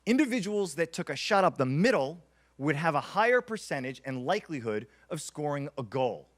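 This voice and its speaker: A man in his thirties delivers a motivational keynote in a conference room, his voice a touch high and swinging widely in pitch. He tells stories with dramatic emphasis and repeats his key lines. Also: big pitch swings, brisk. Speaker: keynote speaker.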